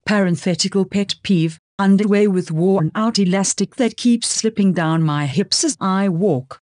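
A narrator reading a story aloud in an even, measured first-person style. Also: mid-range voice, no room sound, studio quality. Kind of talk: scripted audiobook narration.

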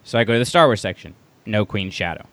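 Animated, playful male podcast co-host. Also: lowish voice, fast talker, no room sound. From Texas, USA. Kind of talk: casual chat.

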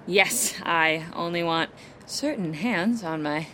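A woman's voice: on the low side, takes it slowly, fairly bright tone, a little hiss or hum. A woman voicing an awkward, flustered young German man who stammers, in an audio drama.

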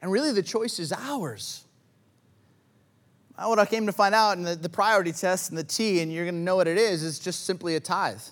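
A man's voice: high voice, a little fast, fairly bright tone. A man preaching a sermon in a conversational way, repeating phrases and acting out quoted inner thoughts. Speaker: pastor.

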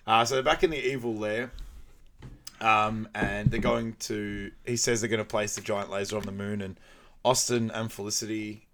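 A man's voice: fairly even intonation, normal speed, fairly bright tone, slight background noise. A man casually recapping a movie on a podcast, laughing often and acting out lines. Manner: laughs often, acts out movie quotes in high voices. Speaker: podcast co-host.

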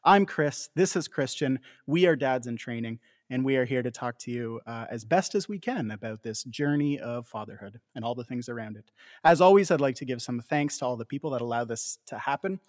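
Canadian male podcast co-host, chatty and laughing, frequent restarts, middle pitch, dry close sound. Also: animated, a little fast, darkish tone, dry recording. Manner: chatty, laughs often, trips over his words. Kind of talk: casual chat.

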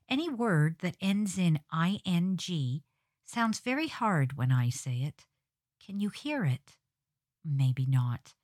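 A woman's voice: deep voice, a little mellow, dry recording, clean studio sound. A woman hosting her own podcast, telling funny stories in a wry, scripted way, with hard-sounding g's at word ends. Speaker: podcast host.

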